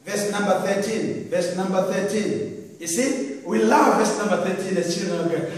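A man pastor preaching a sermon, calling on the congregation to answer and swinging from loud shouts to quiet passages. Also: high-pitched, unhurried. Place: large church hall. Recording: echoey hall, voice from far off.

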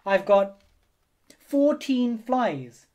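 A man's voice: high-pitched, very animated, extremely slow, darkish tone, voice pushed up, exaggerated voice. A man reading a storybook, voicing an eager little girl spider who loves football, in a raised, hopeful voice.

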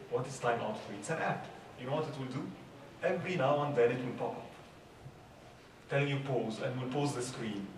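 Middle-aged male speaker, chatty youth talk full of questions; distant mic, noisy hall. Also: medium pitch. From Egypt. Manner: conversational, asks many rhetorical questions. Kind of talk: informal religious talk. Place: large hall at a religious youth event. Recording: echoey hall, far from mic, background noise.

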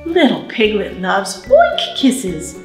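A woman leading a library storytime for babies, reading a picture book slowly and in a sing-song way and talking straight to the little ones. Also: mid-range voice, huge pitch swings, darkish tone, reverberant, soft background music. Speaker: children's librarian. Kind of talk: baby storytime reading and singing. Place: library room.

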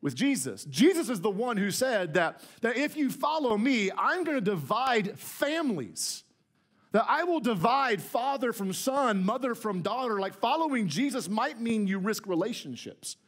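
A man's voice: sits high, sing-song, normal speed, a bit bright, husky. A man pastor preaching a conversational, emphatic sermon to his church. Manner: conversational, emphatic, repeats words when starting a phrase. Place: church sanctuary.

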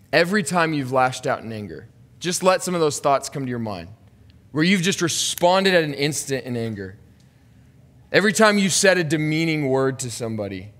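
A man's voice: medium pitch, fairly bright tone. A man in his thirties, a pastor preaching an earnest, confessional sermon that builds to urgent emphasis. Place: church sanctuary. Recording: long hall reverb.

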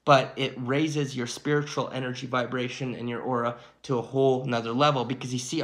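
A man's voice: medium pitch, fairly bright tone. A man giving an emphatic, preachy spiritual monologue to his viewers, often checking in with "okay" and "my friends". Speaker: channel host.

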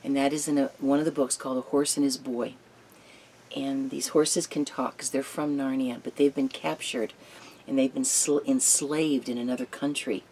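A Bible study teacher retelling a story in an animated, storytelling manner that sinks to a hushed tone. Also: medium pitch, normal speed, a little hiss or hum. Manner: animated storytelling that drops to a hushed, near-whispered tone.

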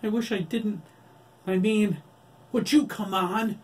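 A man voicing a distraught young male wolf boy whose high, strained voice cracks with emotion. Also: steady tone, slow, darkish tone, husky, recorded from a distance, heavily acted. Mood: pleading.

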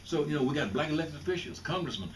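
A man's voice: a little high, animated, quick pace. An older man from Mississippi, talking bluntly and informally to students, often restarting and repeating his words. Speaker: guest speaker. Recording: distant mic with faint background noise.

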